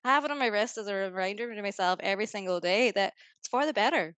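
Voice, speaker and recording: A woman's voice: medium pitch, a bit bright, clear, resonant tone, no room sound. A Northern Irish woman guesting on a podcast, talking in an upbeat, motivational way with lots of "like"s. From Northern Ireland. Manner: upbeat, motivational, fast rambling with many "like"s. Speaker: guest, business founder. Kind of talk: casual podcast interview.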